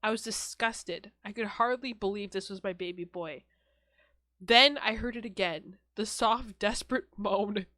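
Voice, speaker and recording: A young woman co-hosting a podcast, reading a horror story aloud in a flat, deadpan way, often breaking off to laugh and swear. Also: mid-range voice, measured pace, no echo. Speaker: podcast co-host.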